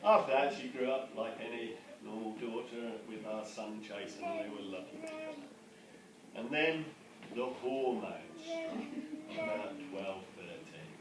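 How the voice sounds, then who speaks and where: A man's voice: mid-range voice, huge pitch swings, measured pace, background noise. A man giving a father of the bride wedding speech, joking and chuckling as he goes. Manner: joking, chuckling, gets emotional. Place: wedding reception hall. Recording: echoey hall from far off, loud ambience.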